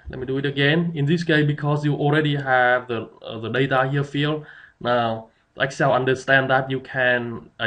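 A man's voice: medium pitch, highs cut off. A man giving a tutorial, explaining step by step with many fillers. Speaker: instructor. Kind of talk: screen-recorded software tutorial.

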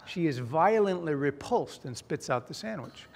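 A man giving a playful, lively conference talk about his book, telling a joke to the audience. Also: a little high, moderate pace, noisy background. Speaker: speaker presenting his book. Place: large conference hall. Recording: long reverb of a hall.

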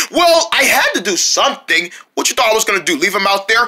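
A performer in a homemade comedy skit chats playfully and fondly with a stray puppy. The voice is very bright and sharp, and the pitch moves a lot. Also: sing-song, fast talker, few pauses. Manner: chatty, playful and fond.

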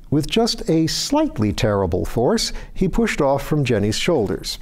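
A man hosting a book reading, narrating fiction in a steady, even storytelling voice. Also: medium pitch, a little slow, hardly any pauses. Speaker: reader.

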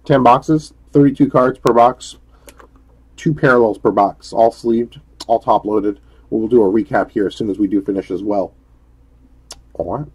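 Guy hosting a card break stream, upbeat and chatty, bit husky voice, middle pitch. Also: a little mellow, low-quality recording. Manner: upbeat, chatty, greets viewers by name.

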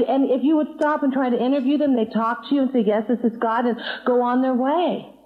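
A woman preacher telling stories in a sermon, emotional, her voice often breaking as if near tears. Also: high voice. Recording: tinny phone-like sound.

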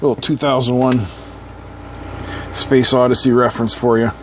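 A man's voice: medium pitch, little pitch movement, moderate pace, slight background noise. A man hosting an electronics teardown, talking casually with wry, sarcastic asides and little hums. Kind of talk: casual hands-on teardown commentary.

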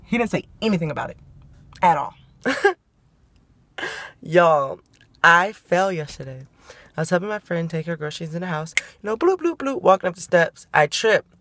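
A woman's voice: on the low side, normal speed, pauses often. Giggly young woman vlogging. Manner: chatty, giggly, animated. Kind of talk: casual vlog chat and storytelling. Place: car, partly.

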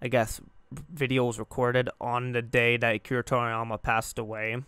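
A man's voice: mid-range voice, level tone, moderate pace, fairly bright tone, smooth, no echo. A young man hosting a gaming channel, talking in a hesitant, rambling way with many fillers, sounding subdued and grieving. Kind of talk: casual reflective monologue.

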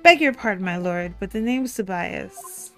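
A woman's voice: mid-range voice, animated, moderate pace, fairly bright tone, faint music behind, lightly acted. A woman voicing a formal, deferential male police inspector in a game courtroom.

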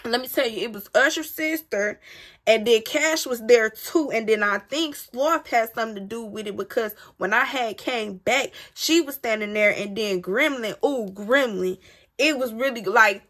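A woman telling a personal story in a casual, dramatic way, talking straight to her viewers. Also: a little high. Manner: animated, dramatic retelling addressed straight to viewers. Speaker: storyteller vlogger.

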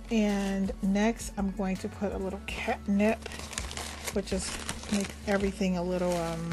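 An older woman talks her way through a home craft tutorial at a mid-range pitch. She rambles cheerfully, affirms herself, and now and then drops into a soft whisper. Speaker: craft and magic video host.

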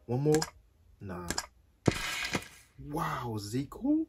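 Male gamer, excitable reactions, lively pitch swings, noisy game audio underneath. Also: extremely slow. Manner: exclaims and repeats words, keeps saying "bro". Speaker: mobile football gamer.

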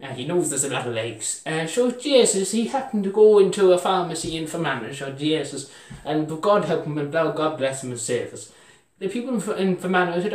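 Brief: young Irish man, lively up-and-down delivery, meandering comic yarn, roomy echoey room. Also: a little high, a little fast. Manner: meandering, full of fillers like "sure, Jesus", chuckles at his own jokes. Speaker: storyteller. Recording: roomy echo, mic far off.

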